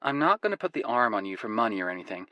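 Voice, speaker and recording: A man's voice: big pitch swings, rapid-fire, pushed and bright, dry recording. A man voicing a persistent, friendly young woman with an American accent, in a breezy, coaxing manner. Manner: breezy, coaxing, lifted pitch.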